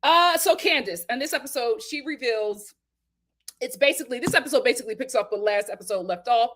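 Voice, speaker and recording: A young woman with a high, bright voice hosts a live stream. She talks with her viewers in an animated, expressive way and laughs often. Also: a little fast. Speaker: host of a live show review stream. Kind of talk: casual live-stream chat.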